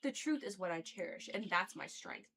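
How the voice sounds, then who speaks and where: A woman's voice: mid-range voice, lively intonation, normal speed, creaky, a bit bright, slight background noise. Brief: blind elderly seer, stern and unshaken; a woman reading the part in her own voice, plain read-aloud. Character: blind old male prophet, stern and unyielding. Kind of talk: casual read-aloud of a play.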